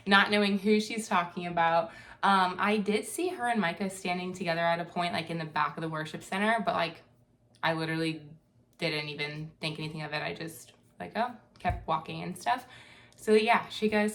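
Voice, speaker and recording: A woman's voice: on the low side, steady tone, fairly quick, a bit bright. A young woman in her twenties telling a story in a casual, chatty way, giggling as she goes. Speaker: co-host of a couple's channel.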